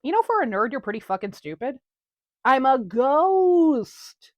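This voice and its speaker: Woman as a mocking, bawdy female ghost; lively, dry comedy read. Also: high voice, unhurried, no echo. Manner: crude, teasing, mocking. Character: bawdy prankster female ghost, over a century old. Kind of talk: comedic audio drama.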